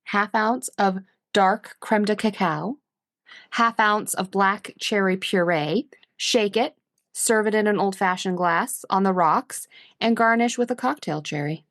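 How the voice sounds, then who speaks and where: A woman's voice: medium pitch, a little slow, fairly bright tone, no room sound, clean studio sound. A woman co-hosting a podcast, chatting casually and rambling with easy laughs. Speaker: podcast co-host. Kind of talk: casual chat.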